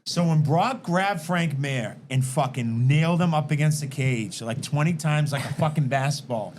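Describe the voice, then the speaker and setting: An excitable man talking on a casual podcast, swearing freely and jumping into quoted voices as he tells stories. His voice sits fairly high for a man. A faint hiss runs under the garage recording. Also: moderate pace. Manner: animated, profane storytelling, acting out quotes. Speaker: podcast guest.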